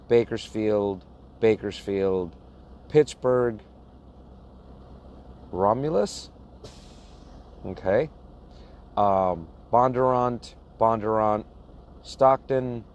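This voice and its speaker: Low-ish and somewhat dark in tone, the man's voice carries a little hiss or hum. As a box truck owner-operator vlogger, he reads a list of places to his viewers in a slow, plain-spoken way and laughs at the names he can't pronounce.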